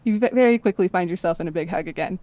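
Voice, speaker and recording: A woman's voice: fairly low pitch, very fast, mellow, dry recording, highs cut off. A woman player in a tabletop role-playing game, describing her character's actions in a casual, chatty way. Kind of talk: tabletop role-play narration.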